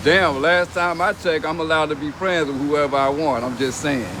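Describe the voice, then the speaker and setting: A man's voice: a little high, steady tone, moderate pace, noisy background. A young man on a casual livestream, reading comments aloud and mocking them in a brash, profane way, laughing between lines. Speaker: reality TV personality reading comments on a live stream.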